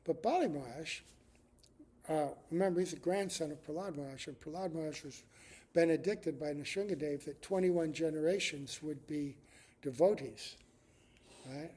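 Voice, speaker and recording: Older man telling scripture stories, mellow. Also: fairly high pitch, moderate pace, husky. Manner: animated storyteller, often asks "right?". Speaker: spiritual teacher. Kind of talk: storytelling scripture class.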